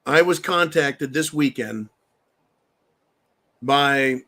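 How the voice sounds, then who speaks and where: Bright-voiced man hosting a rambling livestream. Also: medium pitch, drawn-out words. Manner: loose, rambling, swears, takes shots on air. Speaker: live stream host. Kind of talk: casual political livestream talk.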